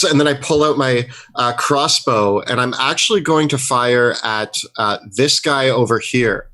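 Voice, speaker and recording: A man's voice: medium pitch, a little slow, hardly any pauses, pushed and bright. A man playing a character in a tabletop game, describing his moves and thinking aloud. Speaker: player.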